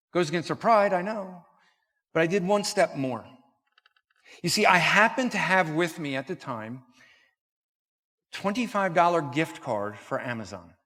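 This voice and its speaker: Male conference speaker, slightly high voice, animated storyteller, long church-hall reverb. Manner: animated storyteller acting out dialogue. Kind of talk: storytelling sermon talk.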